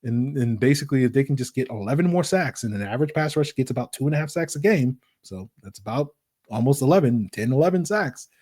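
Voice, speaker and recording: A man hosting a solo sports podcast, talking in an animated, rambling way with lots of fillers and rhetorical "right?" questions. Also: medium pitch, fast, husky. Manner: acts out voices in quoted asides. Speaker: podcast host.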